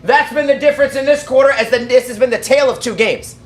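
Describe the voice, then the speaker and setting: High-voiced male play-by-play caller. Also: echoey room. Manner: rapid excited calls that rise to shouting at big plays. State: out of breath. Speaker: fan play-by-play commentator. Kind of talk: live play-by-play commentary.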